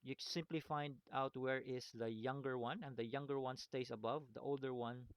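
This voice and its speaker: A man's voice: medium pitch, fairly even intonation, normal speed, no echo. A man teaching a screen-recorded lesson, walking through steps, often checking in with "okay?" and "right?", with a chuckle at his own slips. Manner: repetitive, stops to check understanding with "okay?" and "right?".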